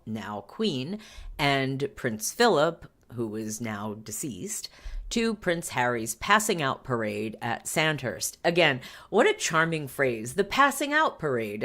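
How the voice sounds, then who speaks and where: A woman's voice: rumbling low, fairly bright tone. A woman hosting a commentary show, reading a news article aloud and breaking off for wry asides. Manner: wry asides and frequent self-interruptions.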